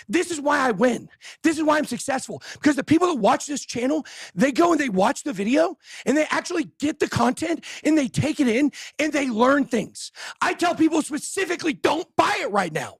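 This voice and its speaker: A man hosting a show, shouting angry, fired-up insults in a breathless rant. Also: very high voice, lively intonation, fairly quick, no echo, clean studio sound. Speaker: host. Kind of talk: ranting livestream talk.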